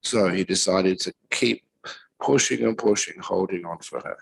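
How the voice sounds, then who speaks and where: A man, a Buddhist monk teacher, giving a retreat talk with gentle, unhurried storytelling and pauses. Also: sits low, creaky, low-quality recording.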